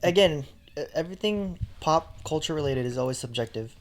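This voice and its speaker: Young dude on a podcast, bit higher voice, chill and jokey. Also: male voice, lively intonation, fairly quick. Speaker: podcast co-host. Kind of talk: casual chat.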